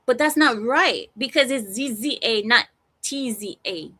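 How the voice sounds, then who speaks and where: A woman hosting a live stream, chatting casually with her viewers in a teasing, animated way and laughing often. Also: fairly high pitch, a little slow. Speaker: livestream host.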